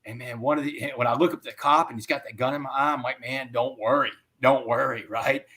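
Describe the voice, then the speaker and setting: A man giving an interview. He tells a personal story in an animated way and often says "man.". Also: medium pitch, fast. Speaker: interview guest.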